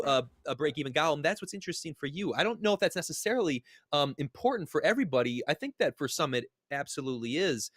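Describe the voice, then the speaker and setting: A man's voice: on the high side, a bit bright, no echo, clean studio sound. A man co-hosting a casual live-stream talk, reading chat aloud and musing over it with frequent fillers and restarts. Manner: thoughtful, reflective, many fillers and restarts. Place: home, joined remotely.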